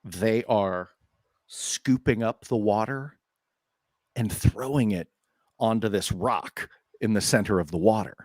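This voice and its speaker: A man narrating as game master of a tabletop game, laughing often and talking in an unhurried way with fillers. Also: fairly low pitch, darkish tone, dry recording, studio quality.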